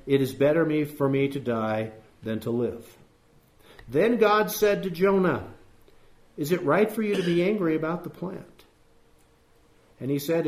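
A male preacher delivering a sermon with scripture reading, emphatic, asking rhetorical questions and repeating phrases. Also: on the high side. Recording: echoey room.

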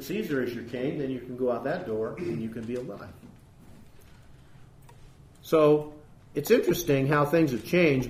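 A man preaching a sermon, earnest and emphatic, reading scripture aloud and explaining it, lifting his voice on key points. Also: a little high. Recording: roomy echo.

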